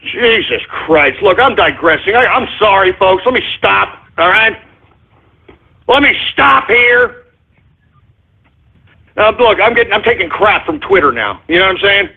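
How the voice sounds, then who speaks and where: A man's voice: sits high, lively intonation, unhurried, pauses often, slightly rough. A man hosting a talk radio show, ranting and rambling, repeatedly asking "all right?", over a tinny phone-line sound.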